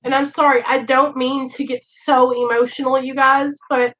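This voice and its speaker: Woman hosting a stream, high voice, heartfelt and emotional, on dull lo-fi audio. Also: flat delivery, normal speed, few pauses, a bit bright. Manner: emotional, earnest, keeps addressing viewers. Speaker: host of a recovery livestream. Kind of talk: heartfelt direct-to-camera talk. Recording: dull lo-fi recording.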